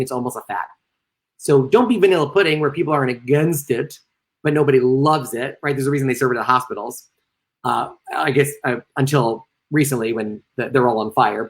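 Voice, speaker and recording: A man delivering a lecture over a live stream, mixing advice with quick self-aware jokes. He reads audience comments aloud and answers them on the spot. His voice leaps upward in pitch whenever he lands a playful aside. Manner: joking asides, sudden playful jumps in pitch. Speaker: lecturer and comedian.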